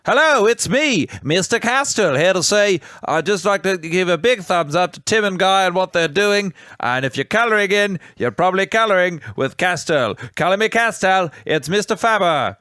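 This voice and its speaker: A man's voice: high voice, animated, normal speed, few pauses, sharp tone, no echo, clean studio sound, voice pushed up. A man putting on the voice of a pompous male pen maker with a fake French flair, doing a mock sponsor message. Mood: chirpy.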